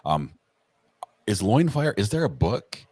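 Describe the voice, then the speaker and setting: A man's voice: lowish voice, big pitch swings, a little slow, darkish tone, husky, no room sound. A man chatting as a livestream guest who asks lots of curious questions and often repeats words as he starts. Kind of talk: casual livestream chat.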